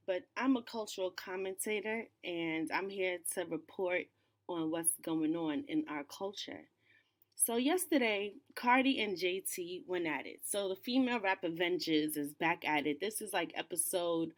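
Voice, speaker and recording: A woman hosting a casual pop-culture commentary channel off camera, talking in a loose, slangy way with lots of fillers. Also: lowish voice. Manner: chatty, loose, slangy, with frequent "you know" and "um". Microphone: off camera, voice-over.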